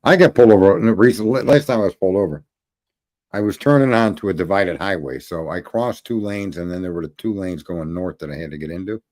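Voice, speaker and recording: A man hosting a podcast, telling long stories in casual chat. He swears freely and rambles, and his voice climbs high when he gets indignant. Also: quick pace, darkish tone. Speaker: podcast host.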